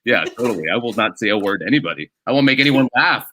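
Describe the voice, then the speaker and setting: A man's voice: mid-range voice, animated, fast talker, fairly bright tone, slight background noise. A male stand-up comedian as a guest on a casual podcast, telling rambling self-deprecating stories.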